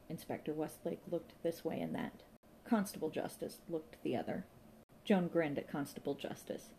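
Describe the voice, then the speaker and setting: A woman narrating an audiobook in a wry, deadpan storytelling manner. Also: low-pitched, moderate pace, a little hiss or hum. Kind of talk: scripted narration.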